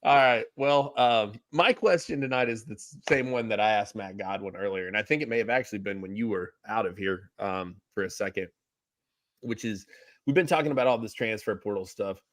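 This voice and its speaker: A man hosting a casual sports podcast, teasing his co-host and quick to laugh. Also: on the low side, no room sound.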